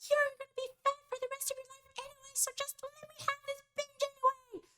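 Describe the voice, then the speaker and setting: Woman putting on a shrill whiny inner craving voice. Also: monotone, fairly quick, music in the background. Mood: whiny tantrum. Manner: whining, pleading, manipulative. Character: whiny tantrum-throwing inner craving voice, babyish.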